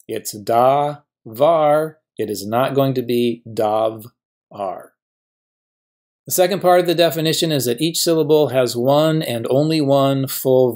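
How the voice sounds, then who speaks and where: A middle-aged man gives a recorded grammar lecture at a middle pitch. He is patient and methodical, and he slows down to spell out each example word. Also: darkish tone. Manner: patient, stretches out example words slowly. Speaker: professor teaching biblical Hebrew.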